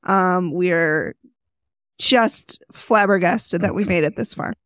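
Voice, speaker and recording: A woman's voice: lowish voice, takes it slowly, a bit bright, no echo, clean studio sound. A woman co-hosting a podcast, chatting casually with friends and joking about herself. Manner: joking, self-mocking, laughs often. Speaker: podcast co-host. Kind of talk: casual chat.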